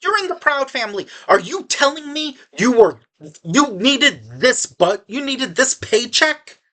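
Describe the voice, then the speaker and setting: A woman's voice: sits high, big pitch swings, unhurried, a bit bright. Sarcastic, rambling woman reviewing a movie. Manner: sarcastic and exasperated; rambling, with frequent restarts. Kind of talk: casual spoken movie review.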